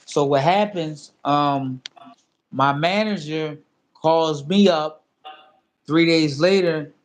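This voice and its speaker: A man's voice: a little high, slow pace, slight background noise. A man in his fifties, a former boxer, telling a story in a casual sit-down interview, acting out phone calls and talking loosely with lots of fillers. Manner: animated storyteller who acts out both sides of a phone call; loose, repetitive phrasing with many fillers.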